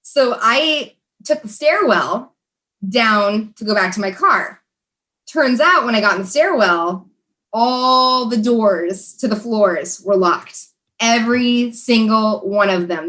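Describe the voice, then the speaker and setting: A young American woman with a fairly high, sharp-toned voice is a guest on a podcast. She tells a story in casual chat, laughing often and filling her speech with fillers and restarts.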